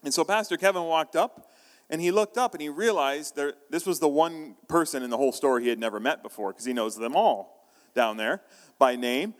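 A man's voice: a little high, moderate pace. Man preaching in a reverberant hall. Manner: storytelling, conversational with frequent restarts. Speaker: pastor. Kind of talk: sermon. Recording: long reverb of a large hall.

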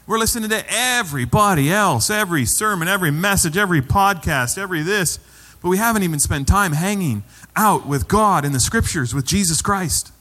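A man's voice: high voice, animated, fairly quick, hardly any pauses, pushed and bright, in a large hall. A man preaching a sermon as pastor, conversational and repeating phrases for emphasis.

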